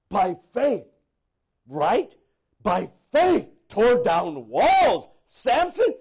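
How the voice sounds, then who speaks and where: A male pastor preaches a sermon, swinging from loud exclamations to hushed asides as he acts out quoted voices. His voice is very high-pitched and husky.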